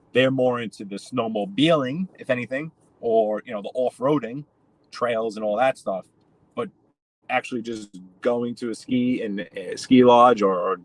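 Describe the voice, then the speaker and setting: A man's voice: mid-range voice, no echo, low-quality recording. Casual New male streamer, rambling chat while he drives, mid-range voice. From New York. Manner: rambling, chatty, addresses viewers by name. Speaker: live-stream host. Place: in a car.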